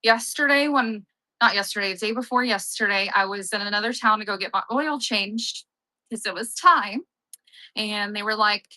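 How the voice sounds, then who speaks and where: A woman's voice: on the high side, moderate pace, pushed and bright, no echo, low-quality recording. A young woman hosting a live-selling stream, chatting casually, upbeat and often laughing at herself. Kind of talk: casual live-sale chat.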